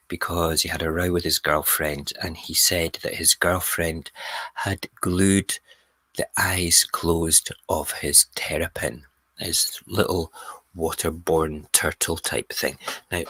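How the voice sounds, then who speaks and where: A man hosting a radio show, telling a story in a casual, animated way. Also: deep voice, gravelly, breathy edge, no room sound. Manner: animated storyteller, mimics people. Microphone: close studio mic.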